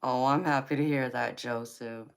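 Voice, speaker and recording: A woman's voice: extremely low pitch, fairly even intonation, normal speed, gravelly, smooth. A woman chatting with viewers on a live tarot stream, teasing and folksy, laughing often. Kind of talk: casual live chat with viewers.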